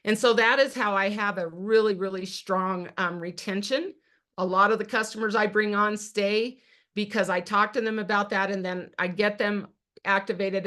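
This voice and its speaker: A middle-aged woman talks through her own story on a team video call, earnest and plain-spoken. Her voice sits at an ordinary middle pitch for a woman. She keeps turning to her listeners as "you guys.". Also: fairly bright tone. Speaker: direct sales team leader sharing her story. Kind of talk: personal testimony on a team call.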